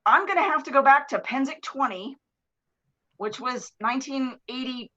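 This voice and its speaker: A woman guest on a live streamed talk show, telling stories in a lively, casual way and acting out the people in them. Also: high-pitched, moderate pace. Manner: animated, swears casually, acts out voices. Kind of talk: casual storytelling. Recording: dull lo-fi stream audio.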